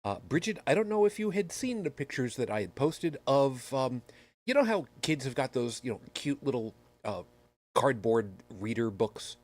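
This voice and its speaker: A man's voice: mid-range voice, big pitch swings, moderate pace, darkish tone. Rambling man hosting a podcast. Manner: rambling, self-deprecating storyteller. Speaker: podcast host. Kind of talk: casual chat.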